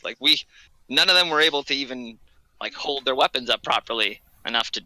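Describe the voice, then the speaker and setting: A man's voice: mid-range voice, a little fast, pushed and bright, slight background noise, low-quality recording. A man narrating a tabletop game as game master, casual and rambling with many fillers.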